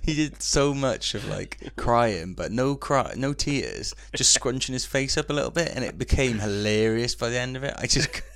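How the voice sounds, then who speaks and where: Gravelly man, relaxed podcast banter, dry close mic. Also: mid-range voice, normal speed, few pauses, no room sound. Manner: laid-back, swearing, laughs a lot. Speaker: podcast co-host. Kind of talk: casual banter.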